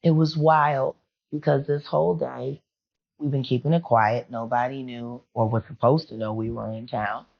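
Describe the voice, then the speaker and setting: A woman's voice: extremely low pitch, steady tone, moderate pace, vocal fry. A woman guest on a podcast, telling a personal story in a rambling, confiding, emotional way. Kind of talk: candid storytelling interview. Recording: muffled lo-fi sound.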